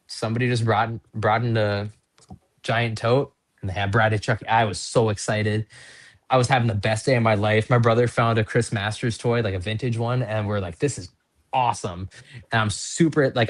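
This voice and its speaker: Lower-voiced man telling rambling stories. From North Dakota. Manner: rambling, chatty, self-deprecating, lots of ums and likes. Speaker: pro wrestler, podcast guest. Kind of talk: casual storytelling in an interview.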